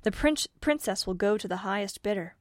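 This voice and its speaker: A woman's voice: medium pitch, animated, fairly quick, no echo, studio quality, close to an everyday voice. A gossipy bystander, read by a woman. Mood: knowing. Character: a gossipy male bystander in a royal city. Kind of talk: storybook reading.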